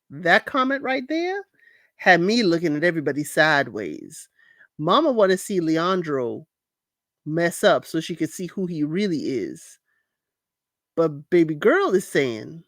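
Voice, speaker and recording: A woman hosting a casual reality show recap, animated and laughing often, acting out quotes in high voices. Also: no echo, studio quality.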